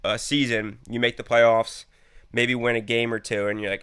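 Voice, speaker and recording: A man's voice: medium pitch, flat delivery, normal speed, a bit bright, clean tone, no echo. A young man co-hosting a podcast, chatting casually about football in a rambling way with lots of fillers. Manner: rambling, lots of fillers, laughs while telling stories. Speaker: podcast co-host. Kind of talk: casual sports chat.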